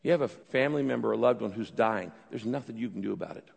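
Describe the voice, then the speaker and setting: A man's voice: fairly low pitch, fast, gravelly, slightly rough. A man preaching a sermon, emphatic and repetitive, acting out pleading prayers. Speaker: pastor. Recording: long reverb of a large hall.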